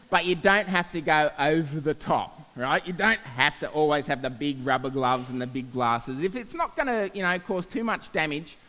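A young man, a science teacher, tells funny stories to an audience in an animated way and laughs at himself. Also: on the high side. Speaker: science teacher giving a talk. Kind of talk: storytelling talk to an audience. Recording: hall reverb.

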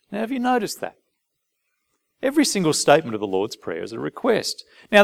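A man preaching a sermon, asking his listeners questions and briefly acting out little dialogues. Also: fairly high pitch. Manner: animated, asks the audience rhetorical questions, acts out short dialogues.

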